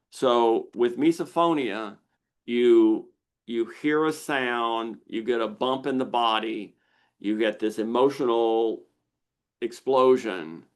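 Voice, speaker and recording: This is an older man hosting a live question-and-answer session over a video call. His voice sits at a middle pitch and he explains step by step. Now and then he breaks into animated exclamations to act out what the brain is thinking. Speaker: misophonia researcher hosting a Q&A.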